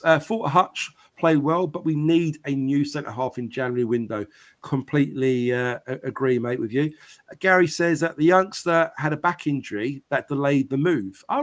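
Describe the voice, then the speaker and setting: A chatty man hosting a live football fan podcast, reading viewers' messages aloud and answering them in a relaxed, conversational way. His voice sits a little higher than most men's. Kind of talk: casual live-stream chat.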